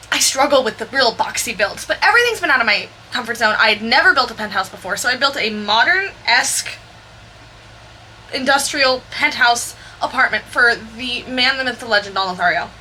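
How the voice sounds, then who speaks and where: Young woman, bright and a bit high-pitched, rambling storytime voiceover with faint noise behind. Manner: rambling, candid and animated, with quick asides. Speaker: Sims builder narrating her speed build.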